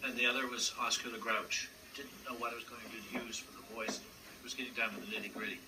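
A man's voice: medium pitch, little pitch movement, fast. Man, puppeteer, interview storytelling, hesitant with fillers, distant mic, noticeable background noise. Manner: hesitant, frequent fillers, acts out voices in anecdotes.

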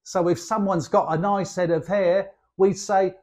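A man's voice: high voice, steady tone, measured pace, darkish tone. An older man with a Cockney accent from London's East End, explaining slang in a chatty, cheeky way as a lesson guest. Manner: chatty and cheeky, playful asides. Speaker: guest dialect speaker.

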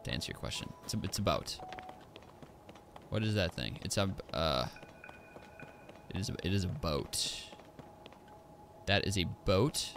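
A man streaming a video game, giving excitable, joking commentary as he plays. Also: deep voice, unhurried, gravelly, long pauses, noisy background. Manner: excitable, exclaims and jokes to himself. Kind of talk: live gameplay commentary.

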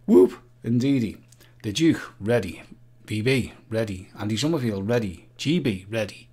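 A man's voice: on the low side, expressive, normal speed, a little mellow, husky. A man hosting a live-stream quiz, chatting playfully and joking with the viewers. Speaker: livestream quiz host.

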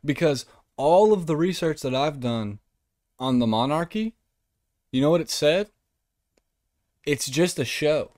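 A man hosts a comedy podcast, ranting in a profane, mocking way. His pitch swings widely and his pace is slow and deliberate. The recording is close and dry. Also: expressive, a little mellow, no echo. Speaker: podcast host. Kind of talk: comedic rant.

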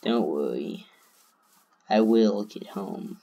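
A man's voice: lowish voice, expressive, takes it slowly, creaky, warm tone. A man narrating his own gameplay, talking to himself and swearing constantly. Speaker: gamer. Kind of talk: let's play commentary.

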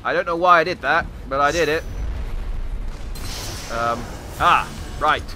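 A man giving joking gameplay commentary in a hammy, put-on Australian accent, with wry, self-mocking deadpan asides. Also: fairly high pitch, unhurried, slight background noise. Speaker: let's play commentator. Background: video game music.

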